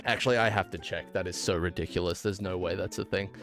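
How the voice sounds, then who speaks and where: A man's voice: low voice, fairly even intonation, fast, a bit bright, soft background music. A man with an Australian accent streaming a game, chatting casually and playfully with a mock-indignant edge. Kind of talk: casual live-stream chat while gaming.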